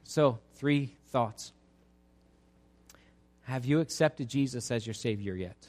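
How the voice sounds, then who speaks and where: A man preaching a sermon as pastor, swinging from loud exhortation to soft pleading, speaking to a church congregation. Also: medium pitch, takes it slowly. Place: church sanctuary.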